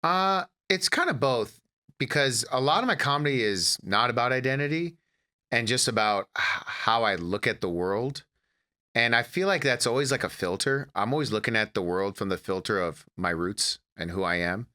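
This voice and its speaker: A man's voice: mid-range voice, moderate pace. A man in his thirties, from Detroit, who works as a comedian and actor and tells family stories as a podcast guest, acting out the scenes as he goes. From United States, Detroit. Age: 30s. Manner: animated storyteller, acts out family scenes. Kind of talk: casual interview storytelling.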